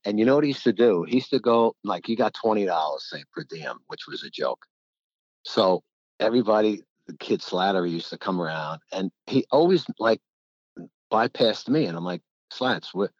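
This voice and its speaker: A man's voice: on the low side, animated, moderate pace, dry recording. A middle-aged man, a former college basketball player, telling rambling anecdotes in casual conversation, laughing often and acting out quotes. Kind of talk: casual storytelling. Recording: dull lo-fi, dry.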